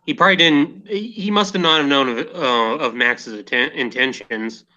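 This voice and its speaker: A man's voice: mid-range voice, normal speed, pushed and bright, dull audio. A man hosting a casual podcast discussion, talking hesitantly with many fillers and restarts. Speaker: podcast host.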